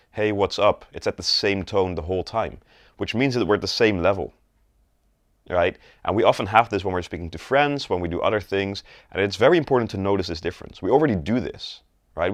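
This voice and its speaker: A man teaching sales technique in an instructional video, demonstrating rising, flat and falling tones in his examples. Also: sits low, dry recording, studio quality. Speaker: sales coach.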